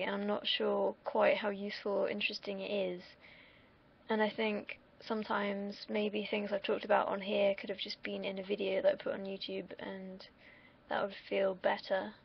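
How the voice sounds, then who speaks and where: A woman's voice: medium pitch, vocal fry, slightly rough. A young woman from the UK, vlogging in a rambling, self-deprecating monologue and swearing freely. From United Kingdom. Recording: dull lo-fi recording.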